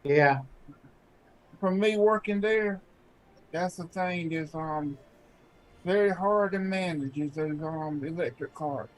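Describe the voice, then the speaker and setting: A man in a casual live chat, talking hesitantly with many pauses and fillers. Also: a little high, low-quality recording.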